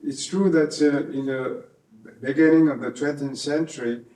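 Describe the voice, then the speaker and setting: An older man from Brittany with a French accent, speaking English as an interviewee at his home, halting and searching for words with many fillers. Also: a little high, steady tone, a little mellow. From Brittany, France. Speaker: interviewee, harpist. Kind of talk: casual interview talk. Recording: echoey room, mic at a distance.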